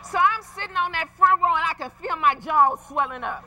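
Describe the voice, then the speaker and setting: A woman in her forties preaching a sermon as a lively, emphatic, folksy storyteller. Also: very high voice, fairly quick, a little hiss or hum, low-quality recording. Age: 40s. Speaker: preacher, pastor's wife.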